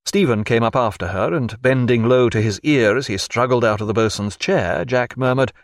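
A man reading a historical sea novel aloud as narrator, with an expressive storytelling delivery. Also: medium pitch, normal speed, hardly any pauses, no echo, studio quality. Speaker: audiobook narrator. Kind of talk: scripted narration.

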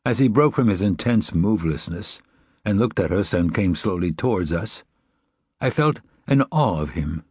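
A man narrating a novel in a measured, reflective reading. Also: low-pitched, animated, darkish tone, breathy edge, no room sound, clean studio sound. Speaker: audiobook narrator. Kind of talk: scripted narration.

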